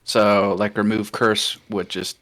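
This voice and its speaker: A man's voice: fairly low pitch, little pitch movement, slow pace, fairly bright tone. A man at a tabletop game who chats casually and asks playful, teasing questions.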